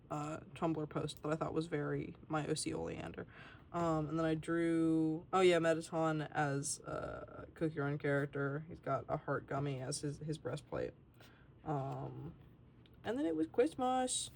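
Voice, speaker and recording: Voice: mid-range voice, unhurried, creaky, a little hiss or hum. A young adult artist giving a casual, rambling tour of a sketchbook and swearing freely along the way.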